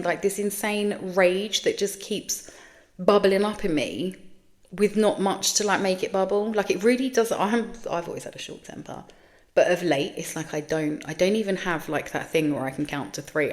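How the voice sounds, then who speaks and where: A woman's voice: medium pitch, a little mellow. A British woman in her thirties hosting a podcast, talking candidly in a frank, sweary, rambling monologue. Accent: British English. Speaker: podcast host.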